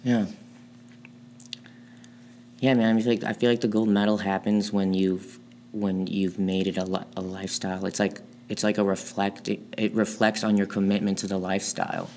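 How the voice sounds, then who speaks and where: A man with a lowish voice co-hosts a casual podcast. He chimes in with short, agreeable remarks over a faint background hum. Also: level tone, moderate pace, a little mellow.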